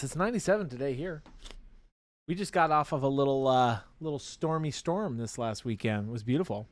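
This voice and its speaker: A man's voice: mid-range voice, expressive, fairly quick, dry recording. A man co-hosting a hobby painting livestream, teasing his co-host and laughing often, with playful announcer bits. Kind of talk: casual banter on a painting livestream.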